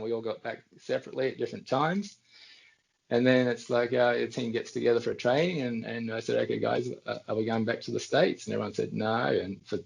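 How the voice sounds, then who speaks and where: A middle-aged Australian man with a gravelly, fry-edged voice spinning loose anecdotes as a podcast guest. He wanders, restarts his sentences and circles back in an easy, conversational way. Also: medium pitch, a little mellow, poor audio. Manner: rambling anecdotes with frequent restarts. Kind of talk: casual storytelling.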